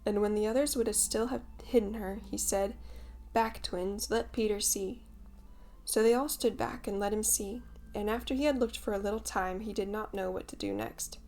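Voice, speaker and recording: A woman narrating a classic children's storybook in a measured, expressive reading. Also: mid-range voice. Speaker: audiobook narrator.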